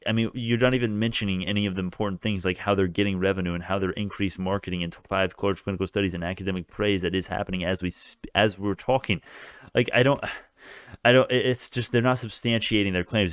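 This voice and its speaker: A man with a fairly low voice delivers heated reaction commentary as a stock channel host. He rants in an agitated way and swears often. The recording is dry and close, with no room sound. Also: steady tone, quick pace, clean tone, no echo.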